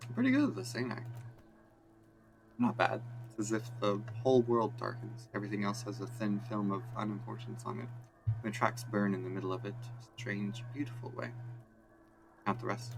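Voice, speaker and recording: A man's voice: lowish voice, creaky, fairly bright tone, poor audio. A man reading a video game's text aloud evenly for a let's play.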